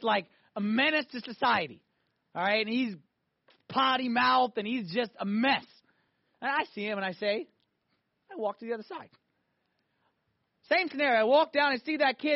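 Male priest, high voice, animated sermon, dull dry lo-fi recording. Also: no echo. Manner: animated preaching, swinging between loud emphatic peaks and quiet asides.

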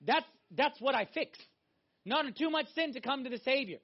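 Guy preaching, really high voice, goes loud then drops to almost a hush, muffled lo-fi sound. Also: moderate pace, slightly rough. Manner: animated, emphatic, swings from loud to hushed. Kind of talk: sermon. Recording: dull lo-fi recording.

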